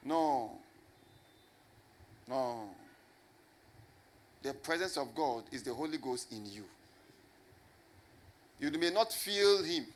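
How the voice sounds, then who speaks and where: A man preaching a sermon to a congregation, emphatic and repetitive, often asking rhetorical questions and slowing down to stress key words. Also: mid-range voice, animated. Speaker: pastor.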